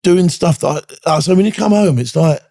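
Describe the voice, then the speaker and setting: A fast, gravelly man past forty telling hard stories bluntly, swearing freely. His voice is dark and husky-edged, recorded dry and close. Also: on the high side, no echo. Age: 40s or older. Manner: blunt, heavy swearing, frequent "do you know what I mean". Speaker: guest, military veteran. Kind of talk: candid podcast interview.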